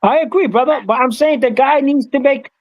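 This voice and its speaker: High-voiced insistent man debating. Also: brisk, dull audio, crowd noise. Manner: insistent, repeats phrases, fills with "bro". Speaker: boxing panelist. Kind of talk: heated panel debate.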